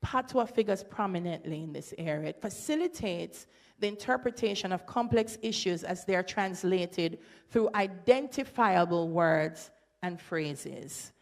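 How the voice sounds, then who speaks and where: A woman with a Jamaican accent giving an academic presentation at a symposium, breaking into lively patois quotes. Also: lowish voice, unhurried. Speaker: symposium speaker. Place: lecture hall.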